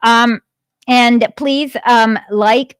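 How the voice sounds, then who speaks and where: Woman streamer, unhurried and giggly, hesitant delivery, dry close sound. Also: on the high side, fairly even intonation, clear, resonant tone, no echo. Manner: giggly, hesitant, lots of fillers. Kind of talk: impromptu livestream commentary. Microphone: phone streaming app.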